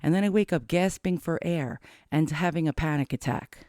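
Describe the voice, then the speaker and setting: A middle-aged man rambling anxiously to camera in a casual confessional vlog, cursing often and cracking dark jokes. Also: a little high, moderate pace, no echo, clean studio sound. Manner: rambling, profane, darkly joking. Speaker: vlogger.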